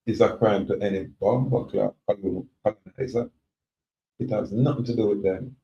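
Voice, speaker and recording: Gravelly Jamaican man, defiant monologue. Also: lowish voice, normal speed, dark tone. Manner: defiant, preachy, repetitive. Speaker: self-styled sovereign speaking to viewers. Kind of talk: rambling monologue. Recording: roomy, dull lo-fi recording.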